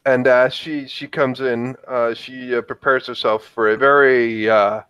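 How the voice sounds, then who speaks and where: A slow-talking man describes his character at a tabletop game. He hesitates often and restarts his sentences. The room sounds dry and close. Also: medium pitch, fairly even intonation, a bit bright, smooth, dry recording, lo-fi sound. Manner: hesitant, many fillers and restarts. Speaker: player.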